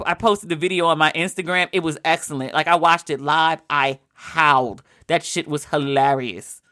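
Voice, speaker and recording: Bright-voiced, ranting woman podcast host. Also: sits low, normal speed. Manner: animated, sarcastic ranting with frequent profanity. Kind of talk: casual commentary podcast.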